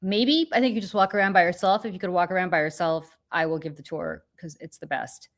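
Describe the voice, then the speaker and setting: Chatty middle-aged woman hosting. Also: fairly low pitch. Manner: chatty and animated, quick asides to her dog. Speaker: podcast host. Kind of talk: casual chat.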